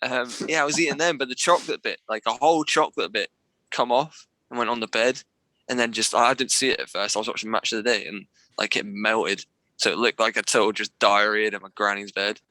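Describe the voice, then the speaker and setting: A man's voice: on the low side, fairly even intonation, fairly quick, sharp tone, no room sound, low-quality recording. A young man co-hosting a podcast, telling stories in casual chat, swearing freely and laughing often. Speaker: podcast co-host.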